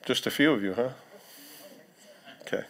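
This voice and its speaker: A pastor, preaching a sermon in a conversational way, with joking asides to the congregation. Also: male voice, medium pitch, moderate pace. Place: church sanctuary.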